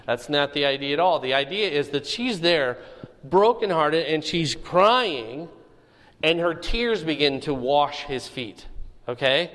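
A man's voice: on the high side, a little slow, fairly bright tone. Man teaching a Bible class, echoey hall. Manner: conversational, checks in with "okay?" often.

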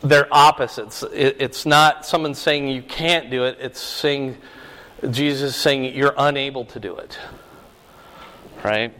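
A man's voice: medium pitch, fairly even intonation, slow pace, sharp tone. A pastor teaching a sermon from his notes, working through verses and adding asides to the congregation. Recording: long hall reverb.

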